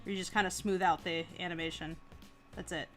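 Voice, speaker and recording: A woman's voice: lowish voice, steady tone, a little fast, faint music behind. A woman hosting a casual livestream, talking animatedly with lots of laughing and "like". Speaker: comic artist and animator, stream host.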